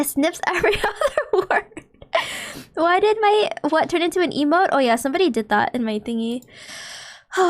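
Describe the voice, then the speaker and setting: High-pitched giggly young woman streamer. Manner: excitable, giggly, talks straight to chat. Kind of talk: casual livestream chat.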